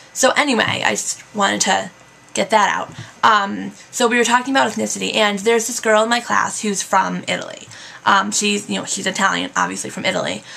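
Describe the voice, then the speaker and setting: A woman's voice: medium pitch, gravelly, fairly bright tone, a little hiss or hum. A young American woman in her twenties, chatting casually in a vlog, full of fillers and "like", getting worked up as she vents. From United States. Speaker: vlogger.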